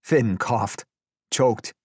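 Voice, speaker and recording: A man's voice: medium pitch, drawn-out words, breathy edge, no echo, clean studio sound. A man reading a tense story aloud as an audiobook narrator, with intense, vivid storytelling. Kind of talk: scripted dramatic narration.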